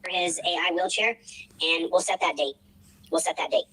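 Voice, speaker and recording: A man's voice: sits high, very animated, normal speed, bright, forceful tone, breathy edge, poor audio. A man livestreaming who rambles emotionally, repeats himself and pleads. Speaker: livestreamer asking for a fundraiser.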